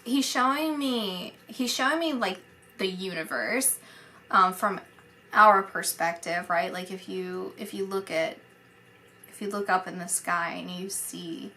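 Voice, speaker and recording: A woman's voice: mid-range voice, measured pace, sharp tone. A woman psychic medium giving a casual spoken reading, rambling and hesitant with many fillers.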